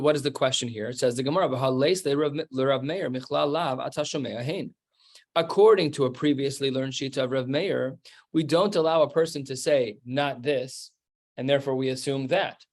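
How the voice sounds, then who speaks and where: Male rabbi, Talmud lesson, gravelly, informal and methodical delivery. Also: mid-range voice, darkish tone. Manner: explains step by step in a loose conversational way. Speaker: rabbi teaching a daily Talmud class.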